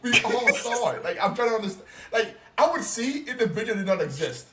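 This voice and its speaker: A young man talking casually on a podcast, ranting in an animated, profane and emphatic way. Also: sits high, brisk. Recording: roomy, distant mic, faint noise.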